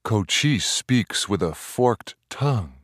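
A brave, stubborn young frontier mother, put on by a male reader, who holds her ground in firm, plain words. Her lines come slowly, lifted a touch above a deep male voice, in a dry, close recording. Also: animated, a bit bright, no echo, exaggerated voice. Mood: firm, defiant.

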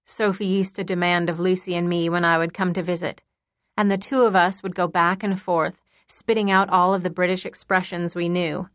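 A woman reading a first-person novel aloud in a measured, intimate storytelling manner. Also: on the low side, little pitch movement, no echo, clean studio sound. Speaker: audiobook narrator. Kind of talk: first-person audiobook narration.

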